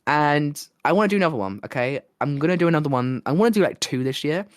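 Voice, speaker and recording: A man co-hosting a podcast, hoarse and losing his voice, chatting casually and rambling with plenty of "like". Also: a little high, expressive, fast talker, no room sound, clean studio sound. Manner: rambling, lots of "like" and restarts. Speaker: podcast co-host and streamer. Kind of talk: casual chat.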